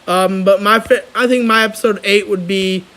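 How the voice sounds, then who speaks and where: A young man chatting casually on his channel, rambling and excitable, with lots of restarts. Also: high-pitched, normal speed, poor audio. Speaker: vlogger. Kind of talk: casual chat.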